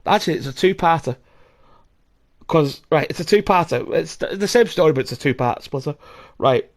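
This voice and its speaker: Sweary, animated man telling stories. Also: a little high, brisk. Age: young adult. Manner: rambling, sweary, laughs often, acts out voices. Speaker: podcast host. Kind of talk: casual storytelling.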